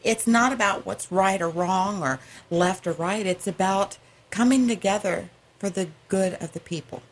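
A woman's voice: medium pitch, moderate pace. A woman from the American South with a Southern accent, an actress talking enthusiastically in a radio interview. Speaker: stage actress.

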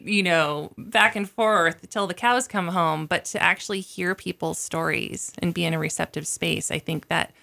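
Woman, interview guest, bright voice, lowish pitch, earnest, reflective, frequent ums. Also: gravelly. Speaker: guest, advocacy organizer. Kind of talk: conversational interview.

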